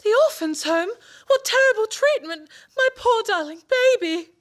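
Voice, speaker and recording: An actress playing an emotional, pleading young wife in an amateur radio play. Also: female voice, extremely high pitch, expressive, normal speed. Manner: pleading, gushing.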